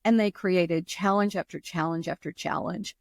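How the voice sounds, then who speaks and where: A woman's voice: lowish voice, steady tone, normal speed, gravelly, dry recording, clean studio sound. An older woman, a podcast guest, earnestly telling a heartfelt personal story of loss and faith.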